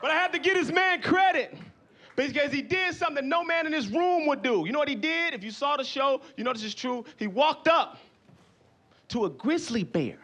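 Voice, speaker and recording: A man performing loud, profane stand-up comedy on a club stage, often shouting. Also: very high-pitched, expressive, moderate pace.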